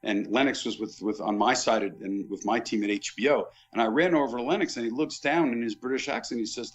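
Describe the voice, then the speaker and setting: A man's voice: medium pitch, brisk, few pauses, a little hiss or hum. A man who was a boxing pay-per-view executive, guesting on a podcast and telling vivid stories about his past. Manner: animated raconteur, vivid recollections. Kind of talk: anecdotal storytelling in casual chat.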